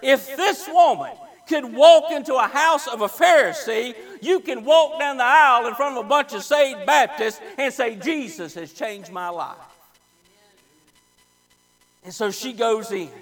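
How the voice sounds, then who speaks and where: A Baptist preacher, a man, delivering a sermon with dramatic storytelling, acting out the people in his story and swinging between loud and soft. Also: very high-pitched.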